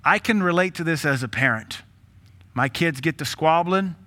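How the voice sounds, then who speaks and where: A man's voice: fairly high pitch, expressive, moderate pace, sharp tone. A man preaching a sermon as pastor, blunt and joking, with rhetorical questions and laughs between points. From Tennessee.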